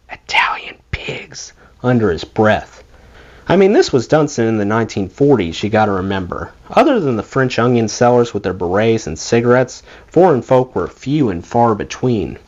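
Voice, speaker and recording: A man reads a memoir aloud, his pitch rising and falling freely. The recording sounds dull and lo-fi. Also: a little mellow. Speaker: audiobook reader.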